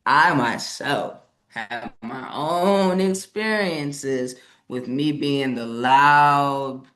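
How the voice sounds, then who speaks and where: A woman's voice: a bass voice, drawn-out words, a bit bright. A woman co-presenting an online session over a video call, speaking passionately and emphatically and often tagging her points with "right?". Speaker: webinar co-presenter. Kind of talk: live online presentation discussion.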